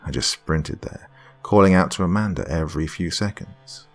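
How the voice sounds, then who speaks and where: A man narrating a creepy first-person horror story in a measured, tense way, dropping to a hush at times. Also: sits low, expressive, creaky, faint music behind.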